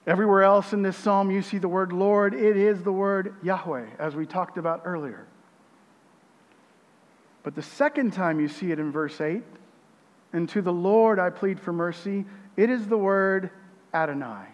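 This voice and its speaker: A man preaching a sermon as pastor, reading scripture with emphasis, his voice swelling loud and then dropping quiet. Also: sits high, moderate pace, in a large hall, lo-fi sound.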